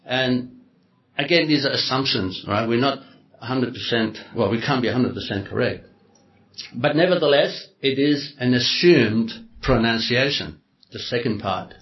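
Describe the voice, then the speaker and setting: A man preaching a sermon to a congregation, explaining slowly and deliberately and repeating words as he goes. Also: medium pitch. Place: hall with a congregation. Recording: echoey hall, dull lo-fi sound.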